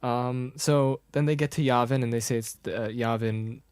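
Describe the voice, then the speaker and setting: Casual podcast co-host, male, animated, dry close sound, mid pitch. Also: normal speed, clear, resonant tone, dry recording. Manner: animated, hums music cues and acts out quotes. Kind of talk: casual chat recapping a film.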